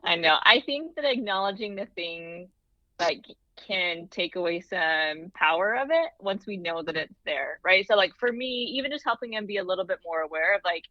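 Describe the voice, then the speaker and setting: A woman's voice: on the low side, animated, moderate pace, dry recording, highs cut off. A woman co-hosting a podcast in casual chat, talking thoughtfully with many "like" fillers. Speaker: podcast co-host.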